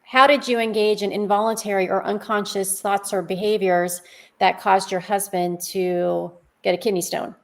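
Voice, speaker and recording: Mid-pitched woman co-host, calm and explanatory, asking rhetorical questions on a faith podcast. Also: moderate pace. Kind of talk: conversational faith podcast talk. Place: podcast studio.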